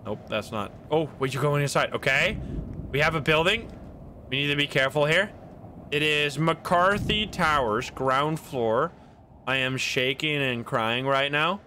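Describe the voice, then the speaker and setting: A man's voice: on the high side, unhurried, sharp tone, a little hiss or hum. A man streaming himself playing a video game, narrating his moves with swearing, laughs and sudden outbursts. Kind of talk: casual gameplay commentary.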